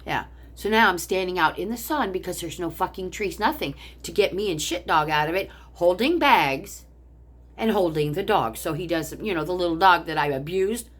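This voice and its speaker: A woman's voice: lowish voice, moderate pace, fairly bright tone. An older woman vlogger telling a story angrily, in a heated, profane rant. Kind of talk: angry personal storytelling.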